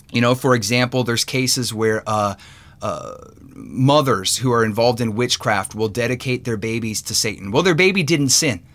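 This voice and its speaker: A man's voice: mid-range voice, fairly bright tone. Guy preaching on a podcast, earnest and chatty, lots of uhs and restarts. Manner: earnest, with many fillers and restarts. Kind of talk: sermon-style teaching.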